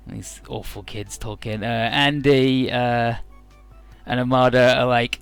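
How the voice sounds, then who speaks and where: A man's voice: fairly even intonation, measured pace, creaky, clear, resonant tone, no echo, faint music behind. Jokey man retelling a game's plot. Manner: jokey, mocking, squeaky falsetto for characters; crude, sarcastic. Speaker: let's play commentator. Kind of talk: comedic retelling of game dialogue with put-on voices.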